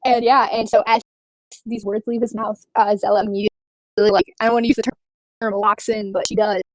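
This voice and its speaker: A woman narrating as game master of a tabletop game, relaxed and rambling with many fillers. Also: medium pitch, a little fast, dry recording.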